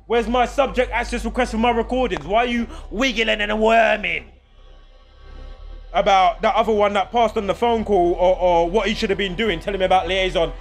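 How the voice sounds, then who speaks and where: A man's voice: high voice, steady tone, moderate pace, creaky, soft background music. A man, ranting angrily and profanely to camera in a vlog, heated and sarcastic. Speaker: vlogger. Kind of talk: angry ranting monologue to camera.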